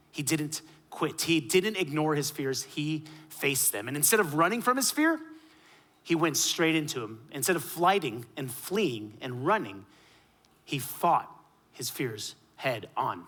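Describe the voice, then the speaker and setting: A man with a fairly high, bright, forceful voice delivers a sermon from the pulpit. He rises to loud, punchy emphasis, then drops to soft, low asides. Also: big pitch swings, a little slow. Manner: dynamic preaching, swinging between loud emphasis and quiet asides. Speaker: pastor.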